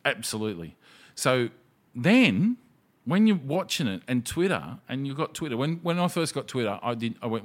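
A man hosting a casual chat, telling animated, sweary stories and acting out what people said. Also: mid-range voice, normal speed. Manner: sweary, animated storyteller who acts out quotes.

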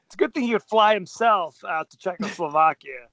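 A man's voice: high-pitched, lively intonation, brisk, fairly bright tone, dry recording, lo-fi sound. A man co-hosting a podcast in casual chat, joking and rambling with a self-deprecating manner. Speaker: podcast co-host.

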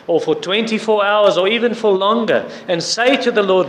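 A man preaching a sermon, earnestly urging prayer and fasting and citing scripture as he goes. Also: high-pitched, fairly bright tone. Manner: earnest, repetitive exhortation with scripture references. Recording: echoey hall with faint background noise.

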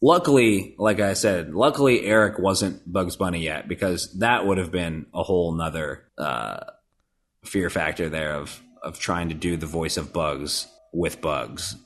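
A man's voice: low-pitched, unhurried, soft background music. A man who works as a voice actor, chatting casually on a podcast, rambling and self-deprecating with many fillers and restarts. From Nebraska. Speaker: voice actor guest.

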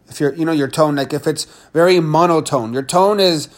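A man teaching leadership communication in an energetic, emphatic way, acting out shifts in tone as he explains. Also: a little high, brisk, hardly any pauses. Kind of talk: teaching talk to camera.

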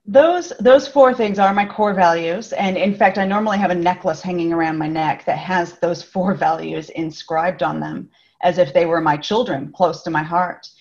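A woman's voice: fairly low pitch, moderate pace, darkish tone. A woman from California with a slight Australian tinge to her accent, a guest author talking upbeat in a casual interview. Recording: slightly dull lo-fi audio.

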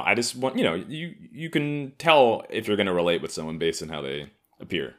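A man's voice: sits low, animated, brisk, fairly bright tone. A young American man talking off the cuff in a provocative, sarcastic, rambling comedic monologue. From United States. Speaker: solo vlogger.

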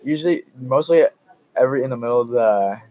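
A young man co-hosting a casual chat, laid-back and quick to chime in. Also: medium pitch, a little mellow, low-quality recording. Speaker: co-host.

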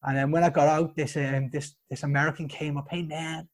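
A man with a Liverpool accent speaks in a fairly high register. He talks bluntly and swears freely as he tells his story. He sounds like a guest on a video-call podcast. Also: little pitch movement, fast. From Liverpool, England. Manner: blunt and sweary, emphatic praise. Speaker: guest, soldier.

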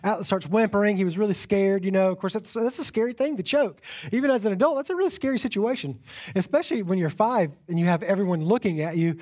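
Pastor guy, highish voice, tells funny stories then reads scripture, repeats himself a lot. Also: fast. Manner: animated storyteller, self-deprecating humor, repeats phrases. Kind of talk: sermon with personal story. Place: church sanctuary.

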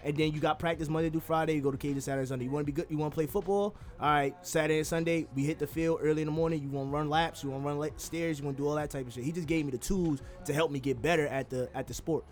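A man's voice: a little high, steady tone, racing, hardly any pauses, soft background music. A man in casual podcast chat, loose and slangy, filling his talk with "like" and "you know what I'm saying". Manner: loose, slangy, full of fillers.

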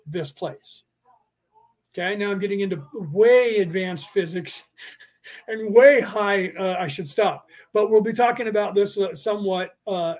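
Middle-aged male teacher, high voice, casual rambling lecture style, prone to digressions. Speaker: class teacher and podcast host.

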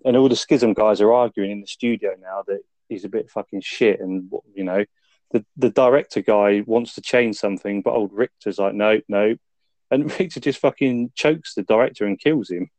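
A man with a fairly low, darkish voice, recorded without echo, co-hosts a film review podcast. In casual chat he retells the plot in a laid-back way, swearing often and laughing.

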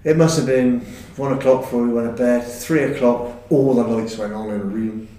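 A middle-aged man, chuckling his way through an animated anecdote about his football days. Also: mid-range voice, normal speed. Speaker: guest recounting football days. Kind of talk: anecdote-telling chat. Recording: echoey room.

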